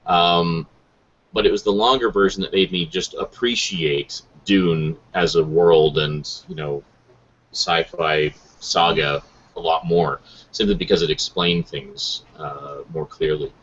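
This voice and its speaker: A man hosting a casual geek chat stream, relaxed and full of ums, swearing now and then. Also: sits low, a little slow, dull audio, a little hiss or hum. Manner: laid-back, many ums and uhs, swears casually. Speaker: host.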